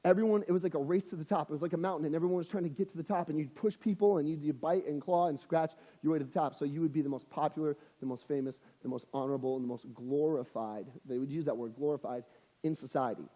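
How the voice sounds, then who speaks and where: A young man preaches casually to teenagers, acting out the people he quotes along the way. His voice sits high for a man and sounds mellow. It carries a long, reverberant tail from the hall. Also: fast talker. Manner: conversational, acts out quoted voices. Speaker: youth pastor. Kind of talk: casual youth sermon.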